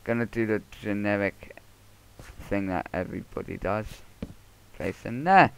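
With a fairly low, gravelly yet clean voice, a man gives casual commentary on his own gameplay as a Let's Play gamer. He mumbles, swears, and has quick outbursts, recorded on a muffled headset mic with faint background noise.

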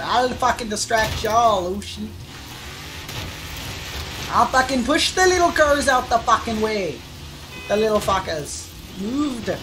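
A woman game streamer drawls her commentary slowly over steady background noise in the recording. She swears freely, trash-talks the other players, and jumps into loud whoops and shouts when the action heats up. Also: a little high. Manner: profane trash-talking, bursts into shouts. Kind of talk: live gameplay commentary.

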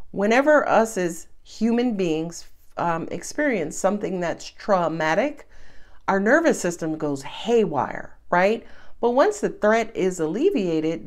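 A woman reads tarot cards in a casual, chatty way. She sounds lively and playful, and she talks straight to her viewers. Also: mid-range voice. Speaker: tarot reader.

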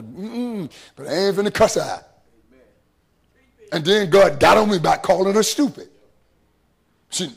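Middle-aged preacher, high gravelly voice, rhythmic sermon delivery with hushed and rising passages. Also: male voice. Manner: preaching with call-and-response rhythm, shifting between hushed and rising. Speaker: pastor. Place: church sanctuary.

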